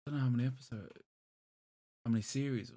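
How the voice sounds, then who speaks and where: A man's voice: medium pitch, steady tone, fast talker, warm tone. A man, a podcast co-host in casual chat, rambling with lots of fillers. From Europe. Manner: rambling, full of "like" and "um".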